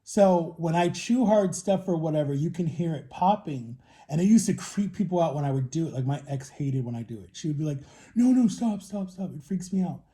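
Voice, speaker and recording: A man's voice: fairly high pitch, expressive, brisk, hardly any pauses, dark tone. A man in his thirties chatting casually to the camera while he eats, telling long rambling stories about his own life. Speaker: vlogger.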